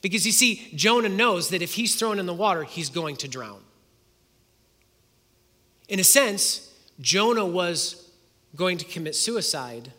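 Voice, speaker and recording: A man's voice: sits high, bright, forceful tone. A man preaching a sermon, retelling a story, reading scripture and asking the listeners rhetorical questions. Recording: long hall reverb.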